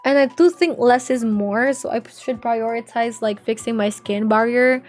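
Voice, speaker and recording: A woman's voice: on the high side, normal speed, darkish tone, soft background music. A young woman streaming live, chatting casually and rambling with viewers, full of filler words and slang. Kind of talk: casual livestream chat with viewers.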